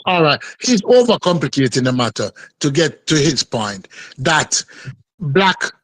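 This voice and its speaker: A man presses his case in a live panel debate, repeating his questions with insistence. His voice is fairly high. The sound is dry and close, with no room around it. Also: very animated, unhurried, a bit bright, no echo, low-quality recording.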